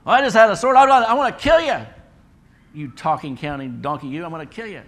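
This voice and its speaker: A preacher acting out a furious prophet shouting threats at his donkey. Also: high voice, fairly quick, voice pushed up. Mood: enraged.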